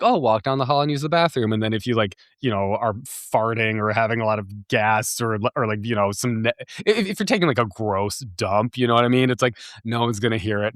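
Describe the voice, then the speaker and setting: A man's voice: on the low side, no room sound. Candid rambling man, dry close sound. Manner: rambling, frequent fillers and restarts, laughs at himself. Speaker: podcast host. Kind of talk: candid personal storytelling.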